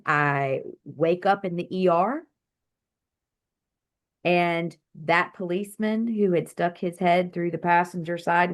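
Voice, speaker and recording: Low-pitched woman, doctor-healer guest, animated storyteller, video call. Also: vocal fry. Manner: vivid, animated storytelling with acted quotes.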